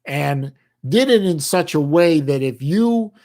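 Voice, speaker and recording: A man's voice: fairly high pitch, animated, dark tone. Man, middle-aged, from the US, livestream host, rambling, folksy, restarts often. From United States. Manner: halting, many restarts, folksy slang. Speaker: livestream host reading chat. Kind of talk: casual rambling chat.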